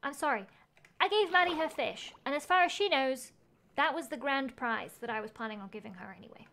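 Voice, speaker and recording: A woman's voice: high voice, animated, brisk, creaky, pushed and bright. A woman game streamer chatting casually as she plays, thinking aloud, gasping at finds and reading chat messages.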